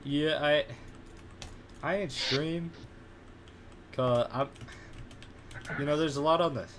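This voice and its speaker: A young man in casual gaming banter with a friend, loud and excitable, breaking into shouts and laughs. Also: fairly high pitch, slow pace, noisy background. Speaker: gamer on voice chat.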